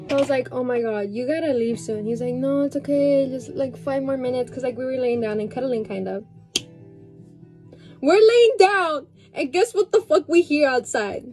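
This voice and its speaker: A young woman casually telling a story while getting ready, chatty, filling her talk with "like" and frequent swearing. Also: high voice. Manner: chatty, heavy use of "like" and swearing.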